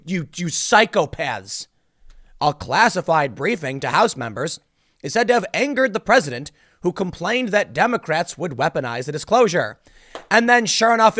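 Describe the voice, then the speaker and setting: Exasperated ranting man, slightly high voice. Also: fairly bright tone. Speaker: political commentator. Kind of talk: solo commentary video.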